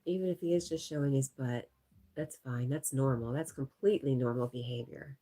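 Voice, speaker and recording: Low, husky stuffy-nosed woman streaming. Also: brisk. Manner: chatty, talks softly to her dog between comments. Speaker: livestream host. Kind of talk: casual livestream chat, reading viewer comments aloud.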